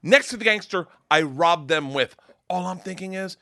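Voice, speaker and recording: A male comedian telling a story on a podcast in a loud, profane, animated way. His voice is bright and swings widely in pitch. The recording is dry and close. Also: normal speed, no echo. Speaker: comedian guest.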